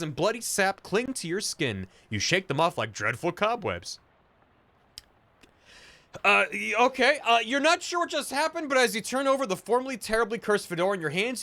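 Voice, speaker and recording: A male streamer reads a video game's narration aloud, breaking off for casual asides. His pitch sits slightly high and moves lively, and the tone is bright and forceful. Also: no room sound. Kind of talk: reading game text aloud while playing.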